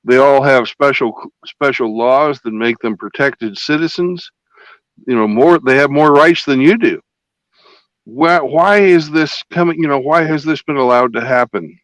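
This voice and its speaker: A man's voice: mid-range voice, unhurried, fairly bright tone, dry recording, rough recording. Blunt, profane male panel host. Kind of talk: casual online panel chat.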